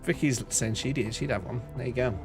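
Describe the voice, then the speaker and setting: A man's voice: mid-range voice, a little fast, music in the background. A man chatting casually on a live stream, laughing often and reading out chat messages. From northern England.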